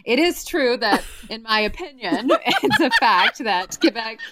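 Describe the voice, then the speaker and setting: Animated Southern American woman storyteller. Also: fairly high pitch, a little slow, very noisy. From Alabama, US Southern. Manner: animated, laughing, self-mocking storyteller. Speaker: children's book author, guest. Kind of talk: casual interview chat.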